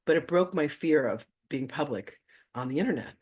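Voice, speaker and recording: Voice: mid-range voice, expressive, moderate pace, a little mellow, breathy edge. A host of a live online spiritual gathering telling a story in a casual, gushing way. They chuckle often and swear casually. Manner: effusive, gushing, cusses casually.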